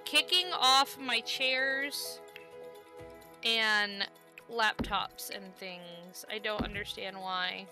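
A woman's voice: mid-range voice, steady tone, extremely slow, over music. A woman streaming a life-sim game, chatting casually and coaxing the characters on screen. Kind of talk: casual gameplay commentary.

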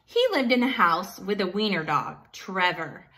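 A woman teacher reading a picture book aloud to children in an animated way, pausing to ask them questions. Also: mid-range voice. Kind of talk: children's story time.

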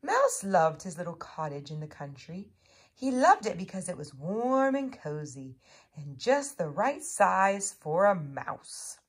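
A woman narrating a children's picture book aloud in an unhurried, gentle storytelling manner. Her voice swoops expressively through each sentence, and it carries a soft, slightly breathy quality. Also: on the low side, very animated.

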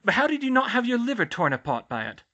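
High fussy matron played by a man, brisk audiobook nurse. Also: huge pitch swings, sharp tone, lo-fi sound, heavily acted. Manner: fussy, quick, exclaiming. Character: brisk motherly school nurse, middle-aged woman. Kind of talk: audiobook character voice.

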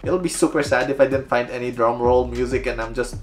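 A man's voice: medium pitch, steady tone, a little fast, faint music behind. A young man from the Philippines with a Filipino accent, chatting playfully and poking fun at himself while answering viewer questions in a casual vlog. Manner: playful, self-mocking, chatty. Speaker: architecture video creator.

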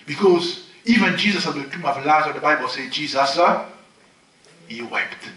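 At a healing crusade in a large, echoey hall, a male pastor delivers a sermon at a moderate pace, his expressive voice swinging dramatically from loud, high exclamations to soft, low murmurs. The mic sits at a distance.

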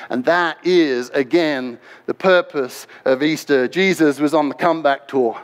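Male pastor, passionate sermon, bright high voice, long hall echo. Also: moderate pace, few pauses. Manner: impassioned, swings between loud and hushed. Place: large church sanctuary.

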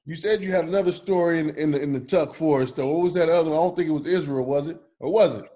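A man's voice: fairly high pitch, fast talker, mellow. Laid-back man hosting a podcast. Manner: laid-back, prompts and explains for listeners. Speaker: podcast host. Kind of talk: casual interview.

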